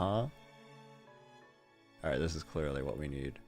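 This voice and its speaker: A man's voice: rumbling low, animated, unhurried, pauses often, darkish tone, faint music behind. Amused man reading fanfiction aloud. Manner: amused, laughs through the reading, disbelieving asides. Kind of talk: casual read-aloud with commentary.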